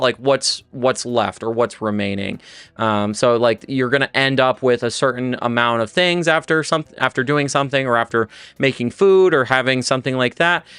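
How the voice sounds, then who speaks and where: A man's voice: mid-range voice, a bit bright, clean tone, no room sound. A man teaching Spanish on a livestream, chatty and loose, with many restarts and fillers. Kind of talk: casual livestream lesson.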